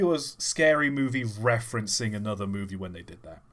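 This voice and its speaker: A man's voice: on the low side, animated, brisk, fairly bright tone. A man hosting a live stream, chatting casually and thinking aloud as he reacts to memes. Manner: rambling, thinking aloud with fillers. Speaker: livestream host. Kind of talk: casual livestream commentary.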